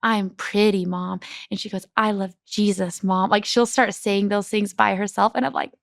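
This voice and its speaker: A young woman guest talks in a loose, chatty way, full of "like," and lifts her voice whenever she quotes her kids. Her voice has a gravelly, fried edge. The sound is close and dry, with no room around it. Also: mid-range voice, normal speed, no room sound. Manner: chatty, peppered with "like"; animated when quoting her kids. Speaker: podcast guest. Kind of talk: casual chat.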